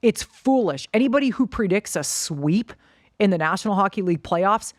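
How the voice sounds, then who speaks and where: A woman co-hosting a sports talk podcast, blunt and opinionated in a quick, outspoken way. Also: medium pitch, expressive, dry recording. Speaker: podcast co-host and coach.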